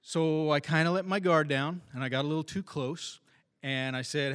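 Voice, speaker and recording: A former police officer telling a wry, self-deprecating story about a fight on the job. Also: male voice, fairly high pitch, steady tone, normal speed, fairly bright tone, clean tone, long reverb tail. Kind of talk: first-person storytelling.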